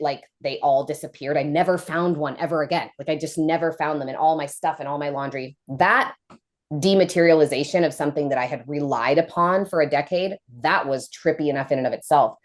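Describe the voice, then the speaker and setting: Low-voiced woman telling a story. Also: normal speed. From United States. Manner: animated, acts out quoted voices. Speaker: podcast guest. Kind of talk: casual storytelling interview.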